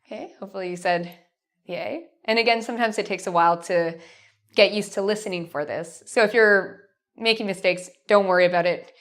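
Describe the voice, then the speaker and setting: A woman teaching a pronunciation lesson, stretching out model words slowly and clearly for learners. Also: medium pitch. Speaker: English teacher.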